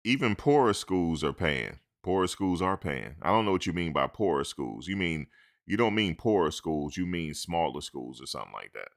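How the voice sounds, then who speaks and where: Hosting a sports talk show, a man riffs casually and animatedly, talking back to his chat and acting out imagined conversations in asides. His low voice is gravelly and moves at a moderate pace.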